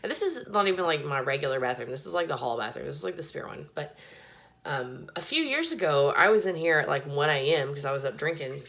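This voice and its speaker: Talking fast into a handheld phone in a small home bathroom, a woman vlogger rambles casually, swearing and saying "like" constantly. Her voice is deep, creaky and animated, with a fairly bright tone.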